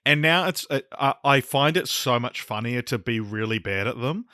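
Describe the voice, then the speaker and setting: A man's voice: medium pitch, expressive, moderate pace, sharp tone, clear, resonant tone, no room sound, clean studio sound. A man co-hosting a podcast in casual chat, rambling with many restarts and hedges. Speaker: podcast co-host.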